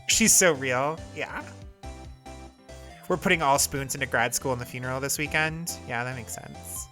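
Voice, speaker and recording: A woman's voice: a bass voice, normal speed, fairly bright tone, soft background music. A woman streamer giving casual, chatty commentary over a game. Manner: chatty, self-deprecating.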